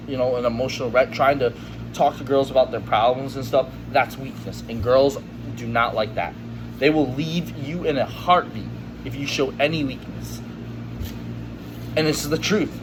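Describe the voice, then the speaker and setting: A man's voice: fairly high pitch, background noise. A man in a casual monologue to camera, blunt and emphatic, with lots of "you know". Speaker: vlogger.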